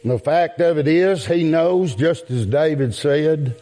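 A man preaching a sermon in a drawn-out cadence that rises into outbursts. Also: fairly high pitch, mellow. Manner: calls out "my friend" and "yes, sir".

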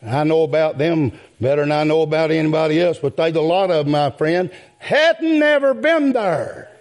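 A man preaching a sermon in a drawn-out cadence that rises into outbursts. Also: on the high side, steady tone, darkish tone. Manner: calls out "my friend" and "yes, sir".

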